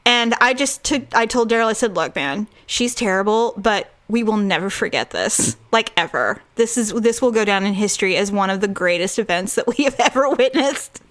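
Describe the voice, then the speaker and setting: A woman's voice: mid-range voice, normal speed, hardly any pauses. A woman co-hosting a podcast, telling a story in casual chat, acting out quotes and laughing often. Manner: animated, acts out quotes with voices, laughs often. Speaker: podcast co-host.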